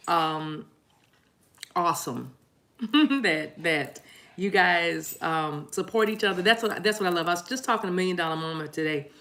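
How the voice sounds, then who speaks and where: Chatty woman tarot reader, lowish voice. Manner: chatty, laughs often, warm "y'all" asides; rambling with restarts and apologies. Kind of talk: casual live-stream chat.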